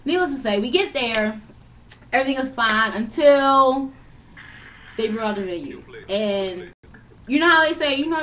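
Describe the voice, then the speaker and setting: A young woman telling a long story in casual chat, animated and profane, laughing often. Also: fairly high pitch, moderate pace, pauses often, slight background noise.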